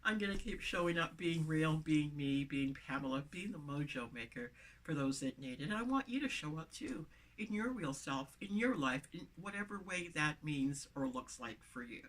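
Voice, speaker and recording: A woman's voice: low voice, lively intonation, normal speed. A woman with a lisp, speaking to camera as a motivational vlogger, with emphatic, repeated phrases, recorded inside a van on the camera mic.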